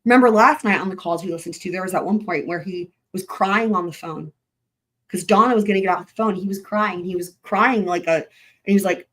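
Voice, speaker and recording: A woman's voice: fairly low pitch, a little fast, a bit bright. Woman with a recovering voice, blunt and emphatic. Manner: blunt, emphatic, swears freely. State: voice still recovering after a week without it. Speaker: host. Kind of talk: livestream true-crime commentary.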